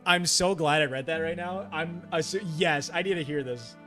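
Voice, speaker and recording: A man chatting casually on a late-night live stream, excitable, laughing often and reading his chat aloud. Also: fairly high pitch, normal speed, soft background music.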